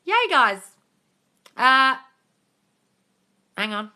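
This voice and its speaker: Woman, host on a phone live stream, very bright tone, chatty, swears, calls everyone darling. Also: sits high, sing-song, extremely slow. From England.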